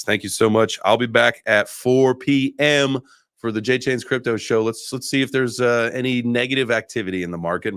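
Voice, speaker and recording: A man's voice: on the low side, a bit bright, no room sound, studio quality. A man hosting a casual crypto livestream, talking loosely with restarts and the odd curse. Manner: loose, swearing, rambling with restarts. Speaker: livestream host.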